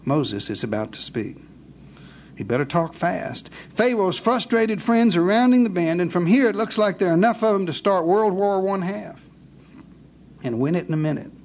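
High-voiced theatrical male preacher. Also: slight background noise. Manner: theatrical, wisecracking, shifts to hushed dramatic pauses. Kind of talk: dramatic storytelling sermon.

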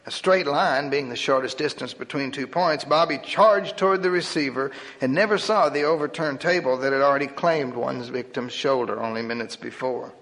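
A man reading a humorous story aloud in a wry, lively storytelling manner. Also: on the high side. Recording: long hall reverb.

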